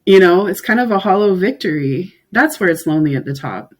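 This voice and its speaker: A candid speaker on a podcast, thinking out loud and circling back with lots of "like" and "you know". The pitch sits in an ordinary middle range. The talk stays reflective and unhurried in a casual chat. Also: expressive, poor audio. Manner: reflective, candid, filler-heavy with frequent "like".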